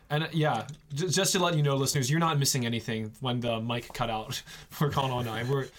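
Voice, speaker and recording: A man's voice: medium pitch, fairly bright tone, slight background noise. A man hosting a casual faith podcast, joking and laughing between points. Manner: jokey and laughing, quick asides. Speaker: podcast host.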